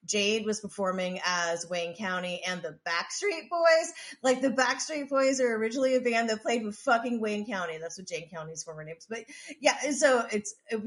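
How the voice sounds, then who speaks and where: Her mid-range voice is a bit bright. As a podcast co-host, she tells a profane, rambling story in casual conversation, full of restarts and "like."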